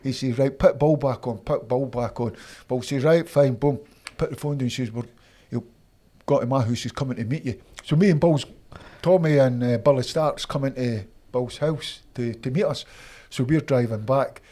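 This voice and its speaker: An older man with a Scottish accent, telling animated stories from his football career as an interview guest. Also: mid-range voice, moderate pace. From Scotland. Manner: animated anecdotes, acts out voices of others. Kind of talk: casual storytelling.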